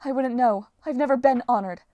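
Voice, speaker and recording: A vain female storm goddess drawls her lines softly and without interest, as a woman narrator puts her on. The storybook reading is close and dry, with no room sound. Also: fairly high pitch, fairly quick, no echo, highs cut off, voice pushed up, natural voice. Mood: languid.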